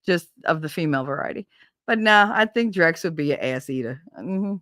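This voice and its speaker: With a low voice that's fairly bright and lively in intonation, a woman talks a little fast while livestreaming on her own channel. Her casual chat is rambling, blunt, and profane, captured on a desk microphone in clean studio sound with no room noise.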